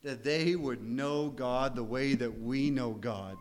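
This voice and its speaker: A man's voice: medium pitch, slow. Earnest man preaching a sermon. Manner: earnest, conversational preaching with laughs and rising emphasis. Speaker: pastor.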